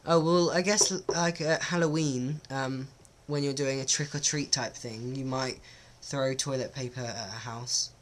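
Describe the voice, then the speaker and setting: A man's voice: mid-range voice, fairly even intonation, measured pace, few pauses, a little hiss or hum. Hesitant man doing a vlog. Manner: hesitant, many ums, self-conscious. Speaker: vlogger. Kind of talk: casual accent-test vlog.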